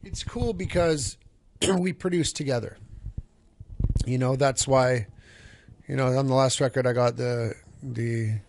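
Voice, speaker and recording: A man's voice: medium pitch, unhurried, pauses often, a little mellow, slight background noise. A man who sings in a band, telling a long story in a casual interview, restarting sentences and swearing freely. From Canada. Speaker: band singer and songwriter.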